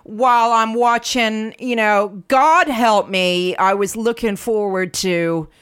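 A woman's voice: mid-range voice, takes it slowly, a bit bright, clean tone. An American woman co-hosting a casual podcast, telling an indignant story with lots of asides. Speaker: podcast co-host.

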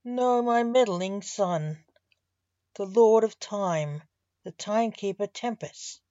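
A woman voicing Blake, a male king of grim reapers, with a slow, measured delivery in a storybook reading. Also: mid-range voice, mellow, no echo, natural voice. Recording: dull, dry lo-fi audio.

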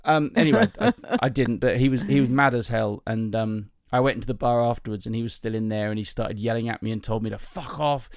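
A man's voice: mid-range voice, steady tone, fast talker, few pauses, clear, resonant tone, no room sound, clean studio sound. A male comedian hosting a podcast, telling chatty, self-mocking anecdotes in a casual voice with plenty of ums and restarts. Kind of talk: casual storytelling chat.

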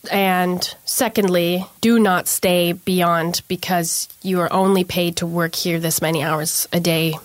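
This young adult woman has a fairly low, steady voice and speaks unhurriedly, hardly pausing, with no room sound. She earnestly recounts her experience to an interviewer, performing the quoted lines of others as she goes.

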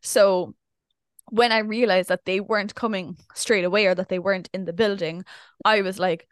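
A young adult woman co-hosts a casual podcast, telling a story chattily and acting out what people said. Her medium-pitched voice is steady and moderately paced, recorded with studio quality and no echo.

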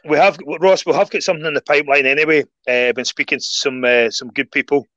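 Scottish man telling animated stories. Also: on the high side, fast talker, dry recording, dull audio. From Scotland. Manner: animated storyteller, repeats phrases for emphasis. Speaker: guest. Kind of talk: casual chat.

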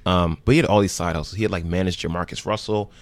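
Man from new jersey, podcast guest, low voice, animated storytelling, dry sound. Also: fast talker, no room sound. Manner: animated, acts out quoted dialogue. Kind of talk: casual storytelling chat.

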